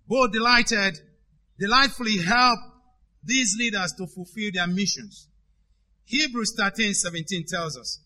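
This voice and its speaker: Male pastor, sermon delivery, high voice with a very bright, piercing edge, emphatic and dynamic. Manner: emphatic, swings between loud and hushed.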